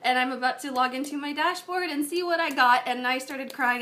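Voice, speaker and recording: Sitting in her bedroom, a twenty-something woman rambles through a casual confessional vlog, chatty and heavy on fillers. Her voice is high, bright and forceful, her pace brisk, with slight background noise.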